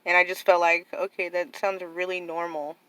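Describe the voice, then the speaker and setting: A woman's voice: on the low side, flat delivery, normal speed, fairly bright tone, clear, resonant tone, no room sound, rough recording. A young adult woman casually telling a personal story to her viewers, rambling and full of "like" and "you know". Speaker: vlogger telling about her nephew.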